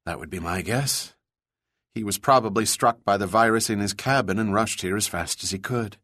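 A man's voice: fairly low pitch, moderate pace, fairly bright tone, dry recording, clean studio sound. A man voicing a practical male partner in a hazmat suit who talks in a terse, matter-of-fact way. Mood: flat.

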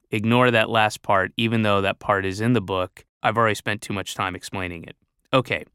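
Man from Georgia, author-narrator of his comedy audiobook; sardonic and bitter, bright, crisp voice. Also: fairly low pitch, dry recording, clean studio sound. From Georgia, USA. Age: adult under 60. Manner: sardonic, bitter ranting with sarcastic asides.

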